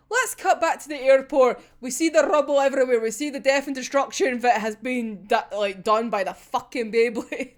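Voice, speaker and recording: A young woman reacting to a manga chapter in casual chat, swearing freely and laughing often. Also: on the high side. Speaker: manga reviewer.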